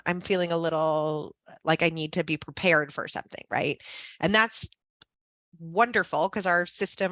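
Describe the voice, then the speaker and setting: A woman's voice: low-pitched, fairly bright tone, no room sound. A woman giving a conversational talk to school leaders, often saying "right?" and acting out what people say. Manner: conversational, frequent "um" and "right?", acts out quotes. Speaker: guest speaker on school leadership. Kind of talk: informal presentation.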